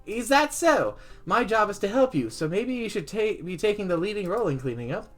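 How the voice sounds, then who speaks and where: A man's voice: high-pitched, very animated, brisk, soft background music, pitched above the performer's own voice. A man voicing a haughty, rich young male pigeon who snaps orders in a bossy manner. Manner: bossy and snippy.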